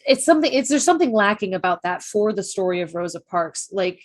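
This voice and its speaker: A woman's voice: medium pitch, sing-song, fast. Young woman reaction co-host, passionate and profane, laughs easily, mid-range voice. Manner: passionate, swears freely, laughs often. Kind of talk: casual discussion.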